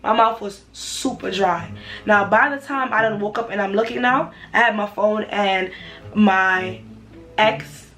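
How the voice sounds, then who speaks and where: A woman's voice: mid-range voice, unhurried, soft background music, rough recording. Young woman telling a storytime vlog. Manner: casual, animated retelling with repeated phrases. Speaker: vlogger.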